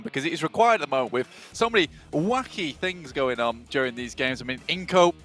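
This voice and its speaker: A man casting an esports match in a measured, chatty way, with many ums and uhs. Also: medium pitch, a bit bright. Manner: measured, conversational, with fillers. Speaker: caster. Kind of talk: esports play-by-play commentary.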